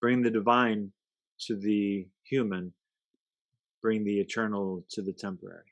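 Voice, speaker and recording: A man's voice: fairly low pitch, little pitch movement, unhurried, no room sound. A man, a guest in a conversation, talking reflectively in a playful, emphatic way and dropping short aphorisms.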